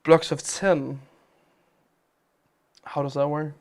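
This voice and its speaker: A man's voice: a little high, flat delivery, takes it slowly, a little mellow. A man hosting a game live stream, chatting casually as he plays, with a chatty, rambling manner. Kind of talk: casual live-stream chat while playing games.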